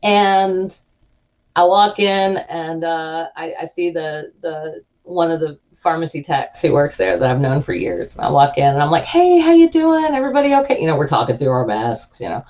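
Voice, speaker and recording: This livestream host speaks at normal speed in a low-pitched voice, chatting casually with her live audience. She tells her anecdotes animatedly and imitates the people in them. The stream sound is muffled and lo-fi.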